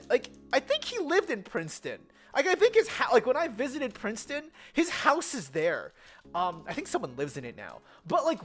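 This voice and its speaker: A young adult with an American accent, chatting casually in a rambling travel vlog, full of fillers and self-corrections. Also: medium pitch. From United States. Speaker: vlogger.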